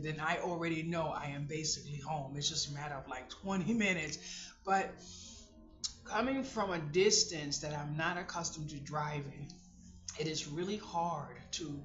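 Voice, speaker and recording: A woman vlogger telling a casual personal story in an animated way, breaking into exclamations and laughter. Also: low voice. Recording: roomy, dull lo-fi sound.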